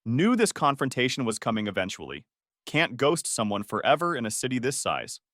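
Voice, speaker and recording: A man's voice: medium pitch, very animated, fairly quick, a bit bright, no echo. A man narrating a first-person story in a dry, sarcastic manner, close to the mic.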